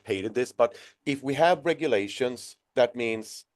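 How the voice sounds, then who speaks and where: Upbeat guy running a webinar panel on a call, mid-pitched voice, throws questions at the others. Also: lively intonation, measured pace, darkish tone.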